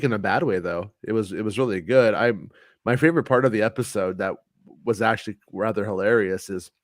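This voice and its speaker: A man's voice: on the low side, no room sound. A man hosting a podcast in loose, casual chat, swearing freely and laughing easily. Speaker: podcast host.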